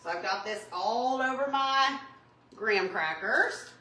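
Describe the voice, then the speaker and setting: Bright chatty woman baking. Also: on the high side, animated, measured pace, echoey room. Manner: chatty, flustered, talks to viewers as y'all. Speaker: home baking vlogger. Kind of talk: casual chatty cooking livestream. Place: home kitchen.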